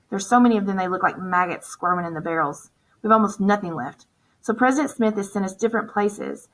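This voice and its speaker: A woman voicing an earnest, hungry English settler boy who speaks in halting, broken phrases, in an audiobook character reading. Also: mid-range voice, fairly bright tone, low-quality recording.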